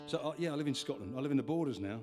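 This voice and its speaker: A man's voice: mid-range voice, animated, racing, music in the background. A man on stage at a live gig, talking between songs in a chatty, meandering way that keeps restarting its own sentences. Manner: chatty, meandering, self-interrupting. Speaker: folk singer-songwriter performing live. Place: live music venue on stage. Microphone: stage vocal mic with monitor.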